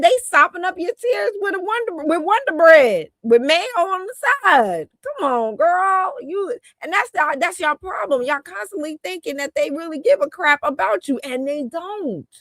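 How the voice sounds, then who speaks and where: With a very high voice and no echo, a woman delivers heated, scornful commentary on a political talk live stream, laughing and speaking colloquially.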